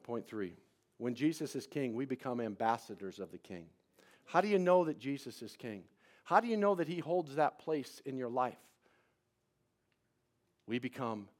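A man's voice: mid-range voice, expressive, normal speed, long pauses. A man pastor preaching a sermon, shifting between conversational storytelling and emphatic preaching.

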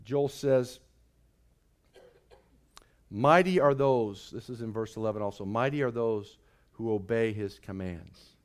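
A man preaching a sermon as pastor, animated and drawing the congregation into call and response. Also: mid-range voice, measured pace, long pauses. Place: church sanctuary.

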